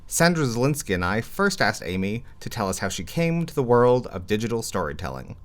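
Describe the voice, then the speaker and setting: A man, co-host of a podcast, reading a scripted introduction to the episode in a clear, measured announcer manner. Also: fairly low pitch, sing-song.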